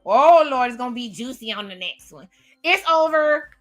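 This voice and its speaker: A woman's voice: sits high, expressive, moderate pace, faint music behind. A young woman giving casual, gossipy commentary while reacting to a reality show, laughing often. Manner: chatty, laughing, gossipy recaps and quotes. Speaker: reaction video host.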